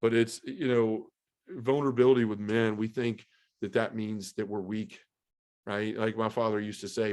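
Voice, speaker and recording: Earnest low-voiced man telling his story. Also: flat delivery, moderate pace, a little mellow. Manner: earnest, heartfelt storytelling with restarts. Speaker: podcast guest. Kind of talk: emotional personal testimony.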